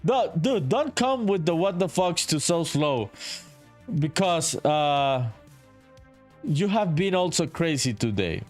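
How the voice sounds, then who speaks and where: A man's voice: a little high, sing-song, slow pace, soft background music. Laid-back swearing male game-dev streamer. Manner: laid-back, swears often, calls everyone dude, reads chat aloud. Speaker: solo indie game developer streaming. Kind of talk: casual live-stream chat while working.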